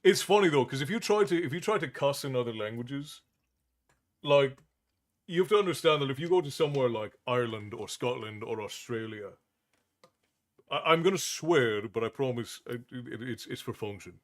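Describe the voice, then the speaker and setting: A man's voice: medium pitch, animated, normal speed. A man hosting a livestream, chatting casually with viewers in a rambling way, full of restarts and chuckles. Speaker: livestream host.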